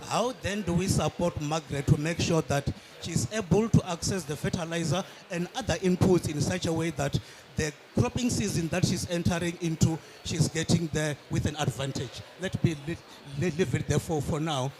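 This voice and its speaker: A man's voice: a little high, moderate pace, few pauses. Earnest man over a noisy line. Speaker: panelist. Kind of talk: conference panel talk.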